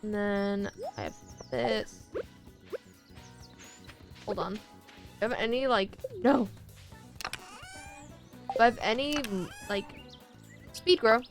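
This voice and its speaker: A woman's voice: on the high side, huge pitch swings, takes it slowly, long pauses, over music. A woman chatting casually with her viewers while she plays a farming game, rambling and talking to chat as she goes. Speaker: streamer.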